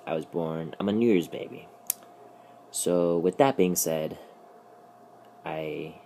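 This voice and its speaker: Young male vlogger, low-pitched, casual rambling comic storyteller, jokey asides. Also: a little mellow, a little hiss or hum.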